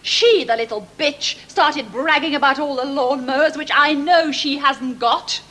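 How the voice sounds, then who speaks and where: An actress playing a snobbish, bickering housewife, indignant and boastful. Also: female voice, high voice, measured pace, sharp tone.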